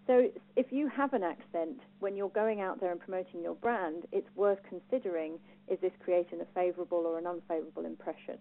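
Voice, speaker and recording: A woman with a Home Counties English accent giving a lively talk on personal branding to a live audience, asking them questions. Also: fairly low pitch, fairly quick, few pauses. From England. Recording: phone-like thin sound.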